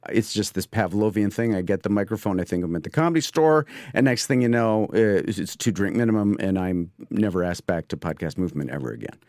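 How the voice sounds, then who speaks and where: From his home studio, an excitable man hosts his podcast with a rambling comedic monologue, his pitch swooping and jumping all over. The sound is dry and close, with no echo.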